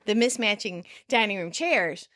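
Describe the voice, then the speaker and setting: A woman's voice: medium pitch, animated, moderate pace, fairly bright tone. A woman co-hosting a podcast, recapping a sitcom episode in casual chat, acting out lines with playful voices and laughing often. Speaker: podcast co-host.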